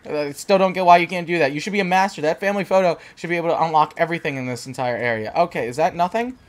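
A young man hosts a let's play, his voice sitting high for a man and his words tumbling out fast. He rambles, restarts his sentences and talks straight back to the game's characters. He is recorded on a desk microphone. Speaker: gaming channel host. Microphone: desk microphone with facecam.

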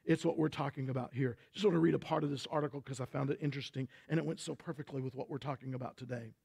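A man's voice: mid-range voice, steady tone, very fast, gravelly, a little mellow, husky. A man with a Texan accent preaching a sermon as pastor, emphatic and full of rhetorical questions.

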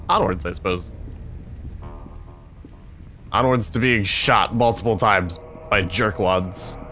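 A man's voice: on the low side, slow pace, pushed and bright, soft background music. A young man commentating a video game he is playing, sarcastic and swearing a lot in frustrated outbursts. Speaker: let's play gamer.

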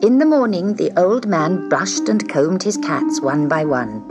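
A woman reading a children's storybook aloud in an expressive way, dipping into whispers on key words. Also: on the low side, measured pace, over loud music.

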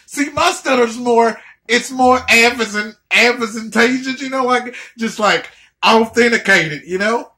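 A man's voice: very high-pitched, measured pace, sharp tone. A man doing a profane comedic rant, stammering and repeating words as he goes.

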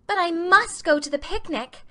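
A woman voicing an imaginative, dramatic young orphan girl who pleads in a high, breathless voice. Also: moderate pace, pushed and bright. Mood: pleading.

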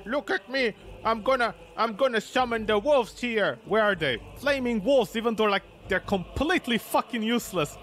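A man's voice: very high voice, a bit bright, slight background noise. A man streaming a video game, ranting angrily with a lot of swearing and repeating exasperated questions. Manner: angry swearing rant. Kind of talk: livestream gameplay commentary.

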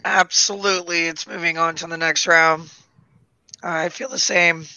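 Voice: mid-range voice, little pitch movement, measured pace, sharp tone, no echo, highs cut off. A podcast guest joking playfully and mock-indignant in casual chat on a video call.

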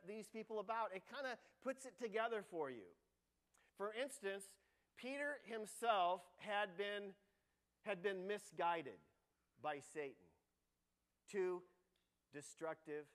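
Man pastor, sermon, fairly high voice, lively and emphatic delivery. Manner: animated, shifts to loud excited voice when quoting Jesus. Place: church sanctuary.

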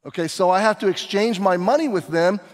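Pastor dramatizing a story in a hall. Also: male voice, sits high, fairly quick. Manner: dramatic storytelling, acting out scenes. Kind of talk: sermon.

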